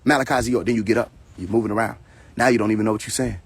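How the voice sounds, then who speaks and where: Husky, fired-up man ranting on a live stream. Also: fairly low pitch, steady tone, very fast. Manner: confrontational, preachy, profane, repeats phrases. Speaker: livestream host. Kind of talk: heated casual rant on a live stream.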